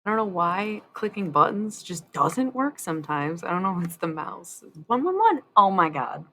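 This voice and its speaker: A woman chats loosely on a live stream, rambling and swearing as her volume swings from loud to hushed. Her voice sits low with a gravelly edge. A faint hiss runs under the recording. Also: moderate pace. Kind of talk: casual live-stream chat.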